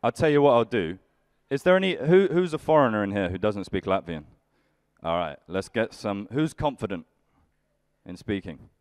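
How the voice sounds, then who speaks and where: Young guy doing stand-up, grumpy dry banter, lowish smooth voice, close dry sound. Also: lively intonation, moderate pace, no room sound. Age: young adult. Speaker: stand-up comedian. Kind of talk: live stand-up with crowd work.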